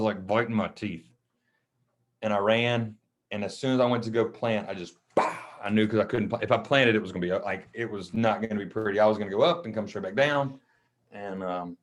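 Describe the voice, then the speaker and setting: On a podcast, a coach from Mississippi shares a personal story in a fairly low voice. His tone is casual and full of feeling, and he voices the dialogue of everyone he quotes.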